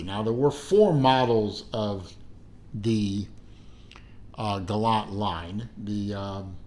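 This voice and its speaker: A middle-aged man giving a casual watch unboxing review, rambling with fillers and self-corrections and dropping dry, self-mocking asides. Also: on the low side.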